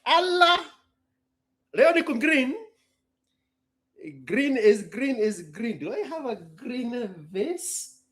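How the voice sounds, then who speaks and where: Playful slow-talking man. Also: very high-pitched, lively intonation, a bit bright, breathy edge. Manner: playful, theatrical, talks to himself. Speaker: live stream host. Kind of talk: casual live stream chat.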